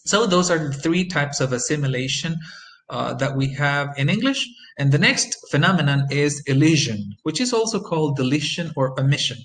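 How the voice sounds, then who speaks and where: Man explaining English pronunciation slowly. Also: on the high side, lively intonation, a bit bright, a little hiss or hum, poor audio. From Costa Rica. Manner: explanatory, repeats example phrases slowly with fillers. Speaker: English phonetics instructor. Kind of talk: recorded pronunciation lesson.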